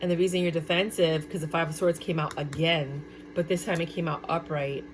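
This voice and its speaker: A woman giving a casual tarot card reading, chatty and excitable, often exclaiming at the cards. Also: sits low, a little fast, slight background noise. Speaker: tarot reader.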